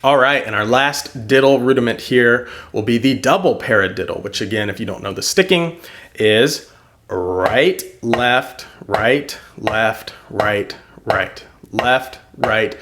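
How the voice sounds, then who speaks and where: A young man teaching drum rudiments, counting the sticking aloud slowly and encouraging the learner. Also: mid-range voice, noisy background. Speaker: drum instructor. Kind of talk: instructional lesson.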